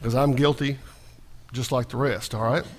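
A man's voice: medium pitch, steady tone, normal speed. A male pastor preaching a sermon in a conversational, folksy way, often restarting and repeating small words.

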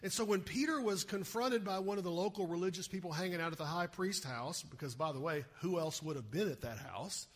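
A male pastor giving an animated sermon and often asking the listeners rhetorical questions. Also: high-pitched, brisk, hardly any pauses.

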